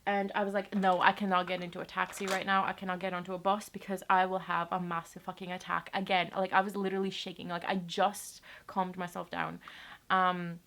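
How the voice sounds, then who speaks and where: A woman's voice: on the low side, flat delivery, a little fast, a bit bright. A young woman from Latvia telling a personal story to her camera in a rambling, casual way, swearing often. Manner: chatty, rambling, swears casually, many fillers. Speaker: vlogger.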